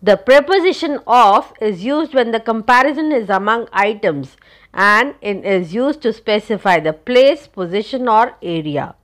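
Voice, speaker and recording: Lady teacher going thru grammar real slow, spells out letters. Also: a little high, expressive. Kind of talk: recorded grammar lesson.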